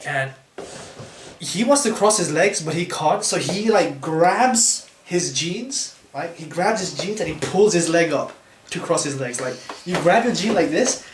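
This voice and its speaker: Animated storytelling man in an echoey room. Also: on the high side, a little slow. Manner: animated, acts out quotes, frequent restarts. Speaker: storyteller friend. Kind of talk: casual storytelling chat. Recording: echoey room with faint noise.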